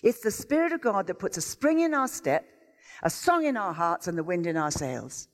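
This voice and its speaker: A woman delivers a sermon with real enthusiasm, her pitch rising and falling in lively swoops. Her exclamatory storytelling carries through a church with a long, ringing reverb. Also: normal speed. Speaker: visiting preacher. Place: church sanctuary.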